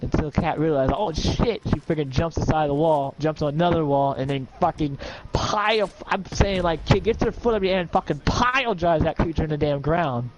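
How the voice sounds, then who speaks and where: Excitable, swearing man running a game. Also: a little high, a little fast, few pauses, muffled recording, a little hiss or hum. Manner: excitable, profane storytelling with sound effects. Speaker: game master. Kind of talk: narrating a tabletop game.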